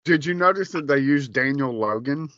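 A man co-hosting a casual pop-culture podcast, speaking slowly and emphatically and swearing now and then. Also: mid-range voice, animated, pushed and bright, dry recording. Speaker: podcast co-host. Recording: slightly dull lo-fi sound.

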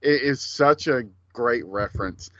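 Man, podcast co-host, rambling profane movie chat, bright tone, dry muffled sound. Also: medium pitch, measured pace, no echo.

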